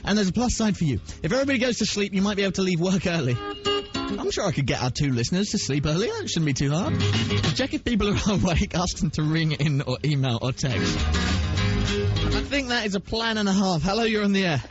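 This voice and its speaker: A man's voice: high voice, sing-song, music in the background. A young man hosting a radio show, cheeky and joking, reading out listener emails and taking calls. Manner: cheeky and quick, plays both sides of a bit. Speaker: radio host. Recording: dull lo-fi radio recording.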